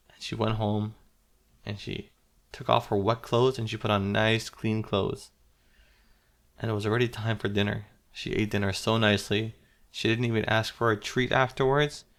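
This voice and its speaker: A man telling a simple story to a small child, stopping to ask questions and explain words gently. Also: on the low side, flat delivery, normal speed, creaky. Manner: interactive, asks the listening child questions.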